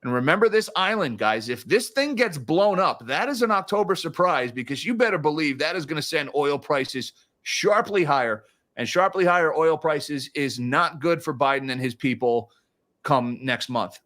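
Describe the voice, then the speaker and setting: A man's voice: a little high, lively intonation, moderate pace, fairly bright tone. Chatty, sarcastic man talking markets. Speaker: financial commentary host. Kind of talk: casual livestream market commentary.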